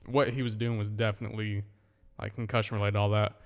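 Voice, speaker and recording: A man with a fairly low voice trades easygoing, agreeable remarks in a casual podcast chat. He often chimes in with a quick yeah or mm-hmm. A long reverb trails his voice, as if he is in a large, echoey room. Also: level tone. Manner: easygoing, agreeable, frequent short backchannels. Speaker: podcast co-host.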